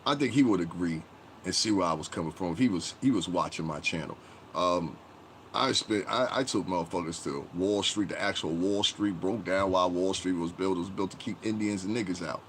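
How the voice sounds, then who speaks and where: A man with a low, deep voice hosts a casual livestream, talking straight to his chat. His delivery is blunt and profane, and it rambles through restarts and trailing "whatever"s. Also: fairly quick, a bit bright, a little hiss or hum.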